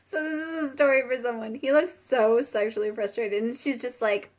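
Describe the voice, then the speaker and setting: A woman's voice: a little high, steady tone, moderate pace. A woman giving a casual spiritual tarot reading, chatty and giggly, with many fillers. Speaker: tarot reader.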